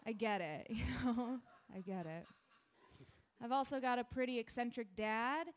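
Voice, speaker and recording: A woman's voice: a little high, moderate pace, noisy background. A young woman doing a stand-up comedy set on a live stage, chatty and self-deprecating, laughing between her jokes. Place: live venue with an audience.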